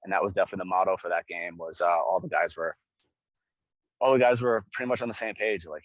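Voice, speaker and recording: A young man with a low, deep voice tells a game story in loose, casual speech. He gets swept up, swears freely and repeats himself for emphasis. The recording is dry and close, with little room sound. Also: quick pace, no room sound, rough recording. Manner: excited, swears, repeats phrases. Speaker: guest, pro hockey goaltender.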